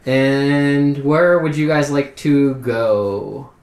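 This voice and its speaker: A man's voice: mid-range voice, drawn-out words, darkish tone. A man narrating a tabletop game as game master, in an easygoing, casual way. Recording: roomy echo.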